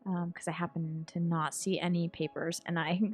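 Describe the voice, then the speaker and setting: A woman talks through her turns in a tabletop game, giggling and playful. Her voice is mid-pitched, and faint music runs behind her. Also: little pitch movement, normal speed, no room sound. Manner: giggly, playful in-character chatter. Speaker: player.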